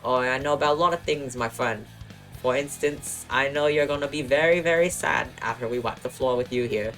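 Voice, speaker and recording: A loud, taunting punk dog with a shaky Australian twang, as a man reading a game puts him on. He sneers and boasts with rough swagger over soft background music. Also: medium pitch, brisk, natural voice. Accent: attempted Australian. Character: sneering punk male dog troublemaker, cocky.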